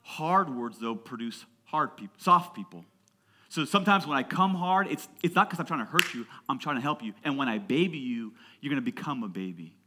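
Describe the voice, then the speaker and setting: A man in his thirties preaching a sermon to his church, emphatic and building to loud passionate peaks, calling on the congregation to answer back. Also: medium pitch, animated, fairly quick. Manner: call-and-response with the congregation. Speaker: pastor.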